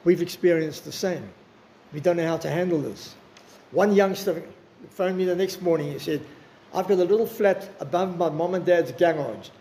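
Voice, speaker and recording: Older male preacher, earnest and personal, gravelly, slightly high; faint room noise. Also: warm tone. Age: 60s. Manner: earnest, personal, slows for emphasis. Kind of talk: sermon.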